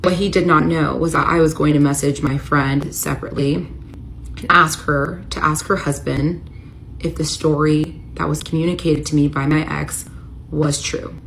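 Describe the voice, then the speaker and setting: A woman's voice: deep voice, steady tone, moderate pace, vocal fry, slight background noise, rough recording. An American woman in her thirties telling an emotional personal story in a confessional storytime style. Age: 30s. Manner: emotional, rising to near-shouting when retelling the confrontation.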